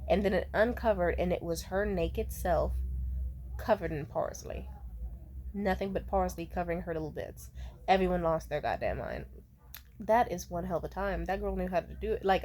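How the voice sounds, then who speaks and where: A woman telling a casual, profane story as the host, animated and laughing often. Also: on the low side.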